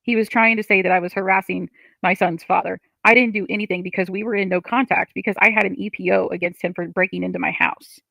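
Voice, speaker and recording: Gravelly-voiced woman ranting on a livestream. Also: mid-range voice, fairly even intonation, fast, sharp tone, dry recording. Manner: frustrated, ranting, swears often. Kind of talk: livestream chat, reading comments.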